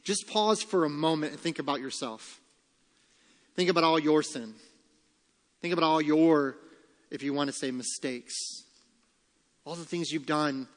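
A man preaching a sermon as pastor, earnest and emphatic, slowing down and dropping soft on key phrases. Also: on the high side. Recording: long reverb of a large hall.

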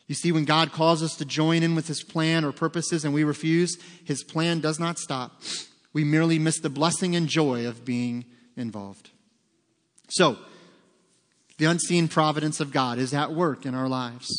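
A man preaching a sermon as pastor, talking conversationally with joking asides. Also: mid-range voice. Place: church sanctuary. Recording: long reverb of a large hall.

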